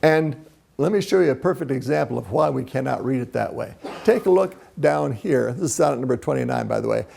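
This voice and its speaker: Gravelly husky guy lecturing about poems, chants the beats out loud. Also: mid-range voice, animated, fairly quick. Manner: explanatory, chanting rhythms aloud. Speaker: presenter. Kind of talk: lecture on poetry.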